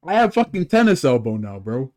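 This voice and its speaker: A young co-host on a casual podcast rants about his week, rambling and profane with lots of restarts. He sounds very animated, with a mid-range, darkish voice and a fairly quick pace.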